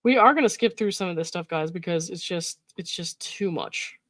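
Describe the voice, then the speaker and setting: A woman's voice: fairly low pitch, lively intonation, normal speed, fairly bright tone, no echo, clean studio sound. A woman hosting a commentary channel, reading out text messages and reacting bluntly, swearing freely.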